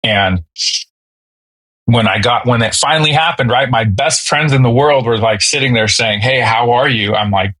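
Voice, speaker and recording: A man's voice: medium pitch, pushed and bright, dry recording, poor audio. Candid man in dry close sound. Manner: casual, halting, many fillers and restarts. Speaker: podcast guest, Marine veteran. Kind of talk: candid personal storytelling.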